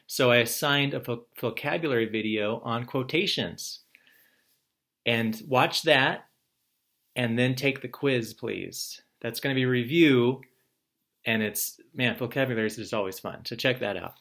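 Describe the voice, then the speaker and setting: A man talks to his students in a recorded morning message. He is calm and encouraging, the way a teacher sounds when he walks a class through the day's work. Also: mid-range voice, measured pace. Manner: relaxed, encouraging, explains step by step.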